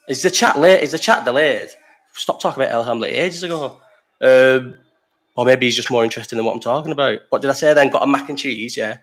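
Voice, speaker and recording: A young man with a Liverpool accent who hosts a casual live chat and tells rambling, sweary stories while reading the chat aloud. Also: medium pitch. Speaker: livestream host.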